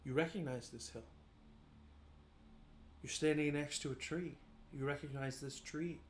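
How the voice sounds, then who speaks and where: Slow, measured male game master. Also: a little high, steady tone, roomy sound, slight background noise. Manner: slow, measured, atmospheric description. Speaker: dungeon master. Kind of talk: narrating a tabletop game.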